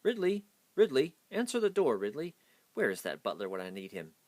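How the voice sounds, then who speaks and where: A man voicing a grumpy, bossy ice witch who shouts and huffs, in a children's storybook reading. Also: sits low, big pitch swings, brisk, no echo. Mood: bellowing. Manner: shouting, huffy.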